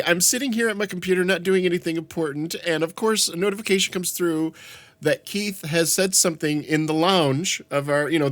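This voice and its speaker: A man co-hosting a podcast, telling stories in an animated way with some swearing. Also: a little high, no room sound. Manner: animated storyteller who swears. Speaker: podcast co-host. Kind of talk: casual chat.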